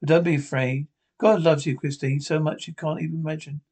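Casting: a soft-spoken, comforting angel, TV drama. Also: female voice, sits low, steady tone, a little fast. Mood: tender. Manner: gentle, comforting. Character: kind female angel comforting a mourner. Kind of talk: TV drama acting.

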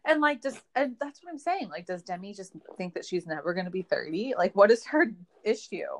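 A woman in her twenties, co-hosting a casual recap podcast, chatting in a relaxed, self-deprecating way. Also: medium pitch, a little fast. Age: 20s. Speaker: podcast co-host.

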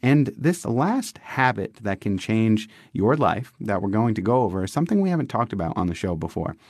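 A young man co-hosts a casual wellness podcast, his voice sitting a little low. He speaks with eager enthusiasm, often stopping and restarting mid-sentence. The recording is dry and close, with no room sound. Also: big pitch swings, normal speed, a little mellow, husky, dry recording. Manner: enthusiastic, frequent restarts and fillers. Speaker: podcast co-host.

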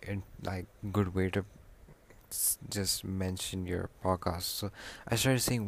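Young male podcast host, very low gravelly voice, casual, rambling, self-correcting. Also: fairly even intonation, takes it slowly. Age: young adult. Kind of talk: casual solo podcast talk.

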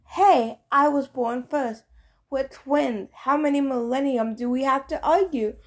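A woman's voice: high voice, a little slow. Woman reading as a cocky young sun god. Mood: cocky, playful. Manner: boastful, cheerful, showy.

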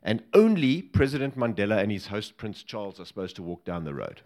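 A man's voice: fairly low pitch, fairly quick. A man from Africa, a former bodyguard telling a humorous story to a live audience and laughing along with it. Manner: lively and humorous, laughing at his own story.

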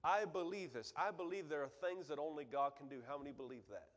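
Fervent preacher in a church hall. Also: male voice, on the high side, quick pace. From Michigan, USA. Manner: fervent preaching that swings from loud exhortation to quiet storytelling. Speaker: guest preacher. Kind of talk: sermon. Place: church sanctuary.

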